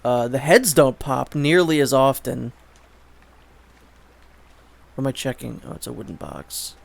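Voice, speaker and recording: A gravelly mid-range male voice, a little slow, narrates gameplay as a let's play host, with slight background noise. He chats loosely, often restarting sentences and swearing abruptly.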